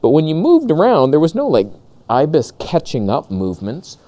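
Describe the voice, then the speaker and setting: A man ranting sarcastically in a comedic vlog, outdoors on a lavalier mic, jumping between high mocking voices and low grumbles. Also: huge pitch swings, moderate pace, warm tone. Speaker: camera vlogger.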